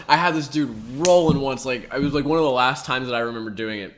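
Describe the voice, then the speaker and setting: A man's voice: medium pitch, a little fast, few pauses. A young man co-hosting a podcast, telling stories in casual chat, acting out online chats with lots of swearing and filler words. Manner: animated storytelling, acting out chat exchanges. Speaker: podcast co-host.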